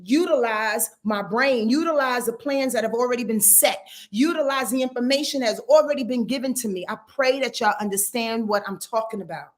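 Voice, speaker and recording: A woman's voice: on the high side, a little fast. A woman astrologer giving a weekly forecast in an emphatic, preachy way, swearing freely and asking her listeners if they follow.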